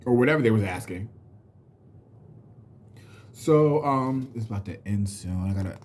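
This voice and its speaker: A man's voice: lowish voice, expressive, moderate pace, darkish tone. A man in his thirties telling a personal story in a blunt, profane, venting way. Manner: blunt and profane, venting, slips into mocking quoted voices. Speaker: vlogger. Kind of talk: casual storytelling rant to camera.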